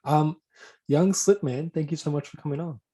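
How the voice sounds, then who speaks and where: A man hosting a casual interview, easygoing and quick to laugh. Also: on the high side, dark tone, husky. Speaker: interview host. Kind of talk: casual chat.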